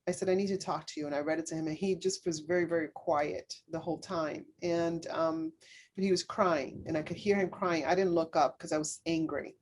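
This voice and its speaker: A woman speaking as a podcast guest, telling a personal story in earnest, halting speech full of fillers and restarts. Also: deep voice, steady tone, darkish tone, a little hiss or hum. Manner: earnest, speaks openly about faith.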